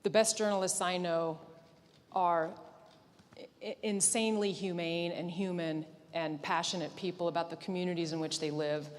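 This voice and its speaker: A woman's voice: lowish voice, steady tone, normal speed. A woman, a newspaper editor, speaking earnestly and directly to students at a conference. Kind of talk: conference talk. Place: large convention hall. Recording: echoey hall.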